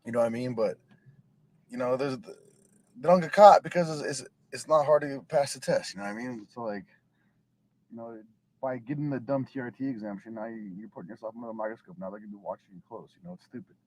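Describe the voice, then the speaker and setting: Husky man in his thirties, rambling. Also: mid-range voice, fairly quick, darkish tone, rough recording. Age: 30s. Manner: rambling, throat-clearing.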